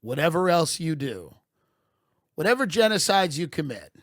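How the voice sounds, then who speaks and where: A man doing a satirical comic monologue as a podcast host, deadpan and mock-patriotic, sometimes building into loud rants. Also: a little high, normal speed, dry recording, studio quality.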